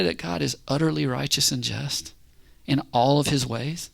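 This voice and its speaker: A man preaching a casual, conversational sermon, animated and constantly checking in with his listeners. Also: mid-range voice, moderate pace, vocal fry. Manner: animated, conversational, keeps asking "right?".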